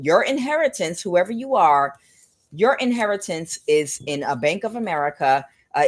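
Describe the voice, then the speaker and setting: Low-voiced woman giving a lively tarot reading. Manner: rambling and speculative, addressing viewers directly. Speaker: tarot reader. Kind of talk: casual spiritual tarot reading.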